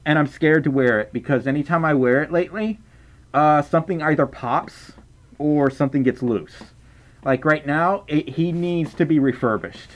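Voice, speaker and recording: A young man chatting casually on a livestream, reading out chat and donations with playful stammers and restarts. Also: a little high.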